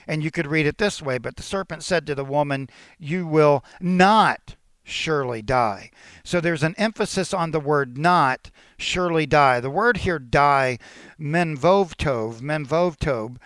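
A male pastor delivers an earnest teaching sermon, walking through scripture and pausing to restart his phrasing. His voice sits a little higher than most men's. The sound is dry and close, with little room echo. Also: a bit bright.

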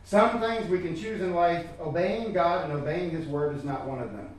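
A man with a fairly high voice preaches a sermon, pressing his points emphatically and often doubling back on his words. He sounds far from the mic in a very echoey church, with faint room ambience underneath. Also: normal speed, a little hiss or hum. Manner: emphatic, repeats words, addresses listeners directly. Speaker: pastor.

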